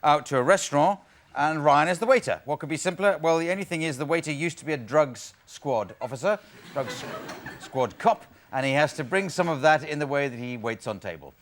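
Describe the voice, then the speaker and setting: A man's voice: on the high side, expressive, fairly quick. A man hosting a comedy game show in a studio, with a dry, wry manner. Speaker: host. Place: TV studio with live audience. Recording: studio audience and noise behind.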